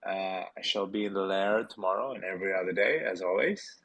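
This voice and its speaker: Man, very low voice, husky, sleepy, rambling chat host. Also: brisk, poor audio. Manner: relaxed, rambling, many fillers. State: tired, yawning. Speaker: host of a community Q&A. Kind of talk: casual live audio chat.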